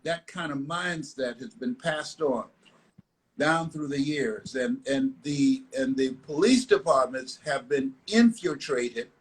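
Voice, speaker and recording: Interviewed live online, an older motivational speaker from the US tells emphatic, repetitive stories. His voice is mid-range with a fairly bright tone, coming through a live video call at low quality.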